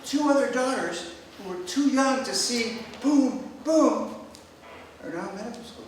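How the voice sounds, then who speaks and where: An older man tells stories in stand-up with a high, lively voice that leaps around. He is heard from a distance in an echoey room. Faint noise and audience laughter sit behind him. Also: measured pace. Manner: storytelling, animated. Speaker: stand-up comedian, retired doctor. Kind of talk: stand-up routine.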